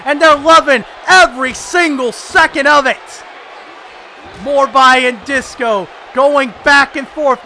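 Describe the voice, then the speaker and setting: A man calling a wrestling match as play-by-play commentator, excitable and often shouting over the action. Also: extremely high pitch. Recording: loud crowd and noise behind.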